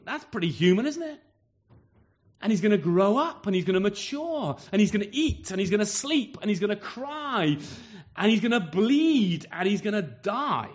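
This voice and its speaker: Lively high-voiced male preacher. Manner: lively, full of rhetorical questions and acted-out exchanges. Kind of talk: sermon.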